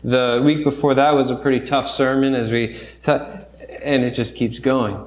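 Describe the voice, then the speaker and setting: A man's voice: mid-range voice, little pitch movement, normal speed, roomy sound, a little hiss or hum. A man preaching a sermon in a church, talking through scripture in a conversational way with restarts and rhetorical questions. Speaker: pastor. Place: church sanctuary.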